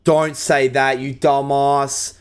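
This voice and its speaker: A man hosting a movie reaction video, excitable and swearing often, breaking into laughter and shouts. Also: mid-range voice, slow pace. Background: film soundtrack music playing.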